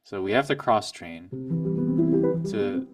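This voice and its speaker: Male piano teacher, low voice, calm explainer, mic a little distant. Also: slow. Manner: calm, explains then plays examples. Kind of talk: music lesson at the piano. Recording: voice from a distance, piano loud alongside. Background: piano playing.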